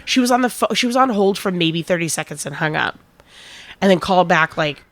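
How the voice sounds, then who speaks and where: A woman on a podcast tells a story from her job managing a restaurant. Her pitch swings widely as she acts out each side of a conversation, with the odd curse. The sound is dry and close, with no room echo. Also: a little fast. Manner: animated, swears, acts out both sides of a conversation. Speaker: podcast co-host. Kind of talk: casual storytelling chat.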